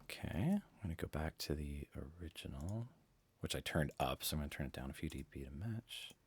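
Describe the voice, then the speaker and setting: Deep-voiced casual male voice coach. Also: lively intonation, a little fast, breathy edge, dry recording. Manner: casual, rambling, restarts sentences. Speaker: voice-over coach. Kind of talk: live webinar teaching. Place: home studio.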